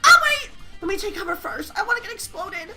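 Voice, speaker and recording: A woman voicing a cheerful, jumpy sporty teenage girl with a raspy voice, squealing loudly. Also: extremely high pitch, quick pace, over music, pitched above the performer's own voice. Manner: loud, excitable squeals.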